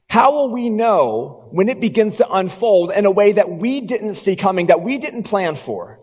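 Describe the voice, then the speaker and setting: A pastor preaching a sermon, telling the story and dropping low and quiet for emphasis. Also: male voice, animated, moderate pace, few pauses, husky, long reverb tail.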